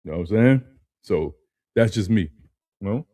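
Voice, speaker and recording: Male reaction host, low dark voice, dry close sound, slangy and repetitive. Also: expressive, moderate pace, no echo. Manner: loose, slangy, repeats phrases, adds "man" often. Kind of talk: casual reaction commentary.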